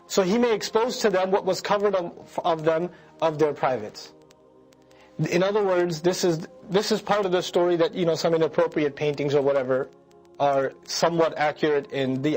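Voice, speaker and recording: High-voiced man giving an animated lecture. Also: rough recording. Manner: animated explaining with rhetorical questions to the audience; recites scripture verses and then translates them. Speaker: Quran lecturer. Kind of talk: religious lecture.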